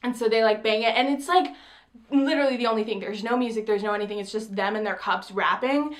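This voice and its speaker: A young woman telling a story in a casual vlog, chatty and full of "like", quoting herself with excitement. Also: a little high, a little fast. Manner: chatty, says "like" often, quotes herself excitedly. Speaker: vlogger.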